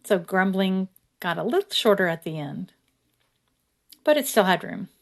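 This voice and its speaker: A woman narrates her own creative project in an easy, chatty way. Her voice sits in a middle pitch and stays relaxed. Now and then she slows down to read a short passage aloud. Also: vocal fry. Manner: relaxed, chatty, reads verses aloud slowly. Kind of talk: casual craft tutorial narration.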